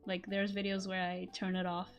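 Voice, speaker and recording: A woman voice actor chatting casually on a live stream in accented English, giggling and self-deprecating, recorded on a quiet desk mic. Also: mid-range voice, completely flat delivery, moderate pace, faint music behind. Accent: non-native English accent.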